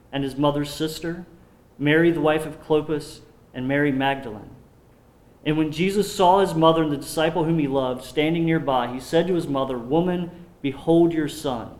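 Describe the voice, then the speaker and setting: A man preaching a sermon, slowing down when he reads scripture aloud. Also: fairly high pitch, roomy sound. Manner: slows down to read scripture aloud.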